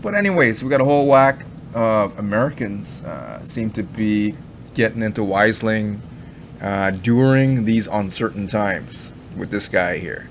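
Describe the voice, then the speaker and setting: A man's voice: lowish voice, measured pace, slight background noise. A man giving rambling, skeptical commentary in a casual chat, with fillers and many asides. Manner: skeptical, mocking tone. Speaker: crypto commentary vlogger.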